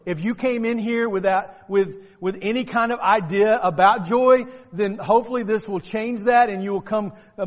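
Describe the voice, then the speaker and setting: A man preaching a sermon to his church, talking conversationally and rising to emphatic shouts. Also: high-pitched, moderate pace, few pauses, in a large hall. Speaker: pastor. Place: church sanctuary.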